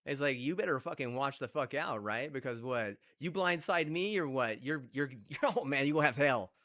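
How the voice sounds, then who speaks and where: Streaming a game, a man rants with heat and profanity, repeatedly asking rhetorical questions. His mid-range voice is expressive, pushed, and bright, at a moderate pace.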